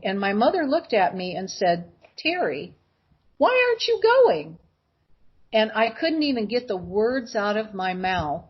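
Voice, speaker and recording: Husky and medium in pitch, this woman's voice brings her personal stories to life as she performs the voices of each character. She's a guest, and the sound is lo-fi.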